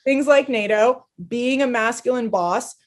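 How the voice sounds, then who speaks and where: A woman speaking as a podcast guest in a casual interview chat, animated and blunt, swearing freely. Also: fairly high pitch, measured pace.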